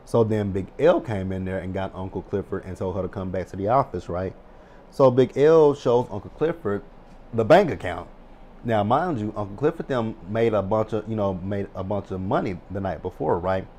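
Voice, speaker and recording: A man in his thirties casually recapping a TV episode, animated and excitable, swearing freely. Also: lowish voice, normal speed, a little hiss or hum. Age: 30s. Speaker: TV recap vlogger.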